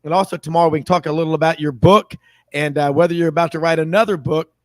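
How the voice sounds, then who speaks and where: A man's voice: on the high side, steady tone, fast talker, no echo. A man hosting a sports talk radio show, chatty and rambling, laughing often.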